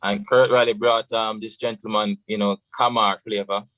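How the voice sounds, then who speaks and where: A man's voice: fairly low pitch, level tone, moderate pace, a bit bright, no room sound, low-quality recording. A Jamaican man, a radio guest, tells a long story in a loose, casual way, slipping into patois and saying "you know" often. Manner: rambling, full of "you know" and patois phrases.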